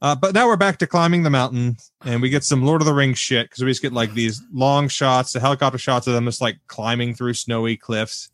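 A man's voice: medium pitch, brisk, few pauses, a bit bright, no room sound, studio quality. A man co-hosting a podcast, reviewing a film in a casual, wry chat with long run-on thoughts. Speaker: podcast co-host.

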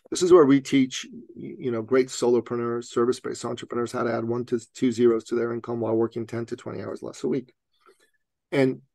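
A man with a gravelly, creaky edge to his mid-pitched voice tells a personal story as a podcast guest. He is animated, often laughing and acting out the other people in his story. His voice sounds dry and close, with no room sound. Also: dry recording.

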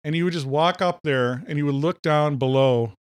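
Animated joking man, from Minnesota. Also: fairly high pitch, normal speed, clear, resonant tone, no room sound, studio quality. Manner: animated storyteller, jokey. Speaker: podcast co-host. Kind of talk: casual chat.

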